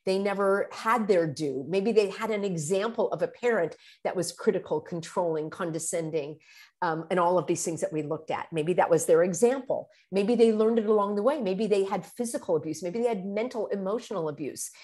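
A middle-aged woman giving earnest, animated self-help advice as a video host, dropping to a hushed tone for the phrases she quotes. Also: medium pitch, brisk. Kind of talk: motivational self-help talk.

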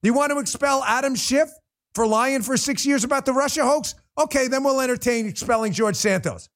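A man's voice: very high voice, a little fast, a bit bright. A man hosting a political livestream, ranting bluntly and profanely and talking straight to viewers in the chat. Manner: addresses viewers in the chat directly. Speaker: political commentary host. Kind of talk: livestream commentary rant.

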